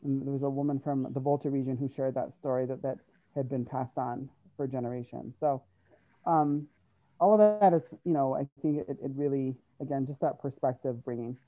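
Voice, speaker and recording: A woman's voice: a bass voice, fairly quick, lo-fi sound. A woman telling stories in an interview, speaking with animation and acting out the dialogue. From United States. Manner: animated, acts out quoted dialogue, laughs often. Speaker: interview guest, university staff. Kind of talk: conversational storytelling.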